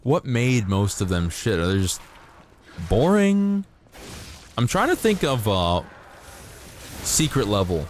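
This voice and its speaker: A man's voice: mid-range voice, a little hiss or hum. A man streaming a game live, chatting casually and playfully with his viewers while he plays. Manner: rambling, playful, talking to chat while playing. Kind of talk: live gameplay stream chat.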